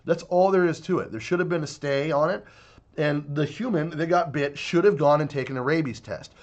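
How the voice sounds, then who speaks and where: A man's voice: a little high, brisk, muffled recording. A man giving a heated, profane video commentary rant, sounding exasperated. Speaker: online commentator.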